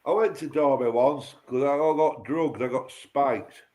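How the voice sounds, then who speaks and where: A man chatting on a livestream panel. He talks in a blunt, profane, rambling way, telling stories at a middling pitch. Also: measured pace. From Lancashire. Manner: loud, profane ranting and storytelling. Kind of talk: casual chat.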